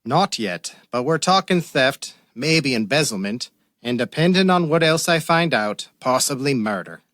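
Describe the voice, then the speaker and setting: An actor playing a shrewd, dry-witted male police detective in a radio drama, calm and probing. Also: medium pitch, unhurried, no room sound. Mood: pressing. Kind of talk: radio theater acting.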